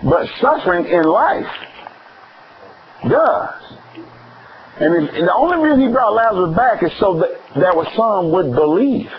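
A man's voice: animated, unhurried, long pauses. Preacher man, lo-fi church recording. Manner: questioning the congregation, swinging from high exclamations to low emphatic words. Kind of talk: sermon. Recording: dull lo-fi recording with faint noise.

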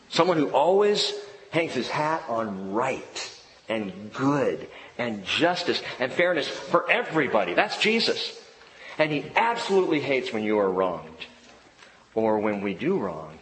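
A man's voice: mid-range voice, fairly bright tone, roomy sound, in a large hall, slight background noise, poor audio. A middle-aged man, a pastor preaching a sermon with jokes and family stories.

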